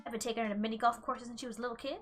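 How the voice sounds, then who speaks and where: A woman's voice: a little high, fairly even intonation, racing, fairly bright tone, faint music behind. A young woman streamer playing a dating game, reading it aloud and joking along the way. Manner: playful and joking. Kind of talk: casual game reading and commentary.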